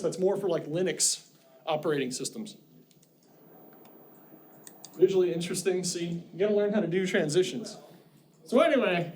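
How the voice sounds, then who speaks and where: Chatty high-voiced male instructor. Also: a little mellow. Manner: chatty, joking asides. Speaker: college instructor. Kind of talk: classroom lecture. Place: classroom.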